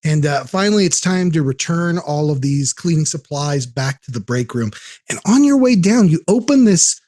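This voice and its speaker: A man narrating scenes as game master of a tabletop game, animated and playful. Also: on the high side, moderate pace, no echo.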